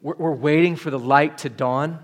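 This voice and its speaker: A man's voice: a little high, steady tone, normal speed. A man preaching a sermon at a church service, earnest and building to urgent appeals. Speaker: pastor.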